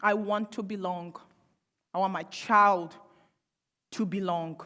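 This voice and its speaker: Her delivery is slow yet pushed and bright, the tone steady and the pitch medium. A young woman on a panel, she makes a passionate, pointed speech with rhetorical questions and dry sarcasm, echoing with long reverb from a big hall.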